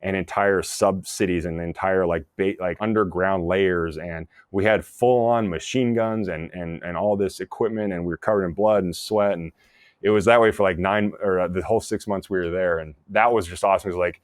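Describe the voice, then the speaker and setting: Guest man, lowish voice, dry close sound; lively storyteller with frequent laughs and restarts. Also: a little fast, dry recording. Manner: animated storyteller, laughs often, many restarts. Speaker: actor and former soldier, podcast guest. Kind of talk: casual storytelling interview.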